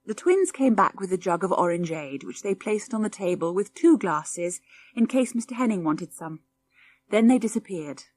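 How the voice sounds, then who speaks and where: Expressive woman reading a children's story. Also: mid-range voice, normal speed. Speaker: audiobook narrator. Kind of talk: scripted narration.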